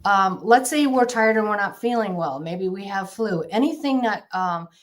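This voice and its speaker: A woman speaking as a guest exorcist in a casual interview, earnest and halting with frequent restarts, on a remote video call. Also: medium pitch.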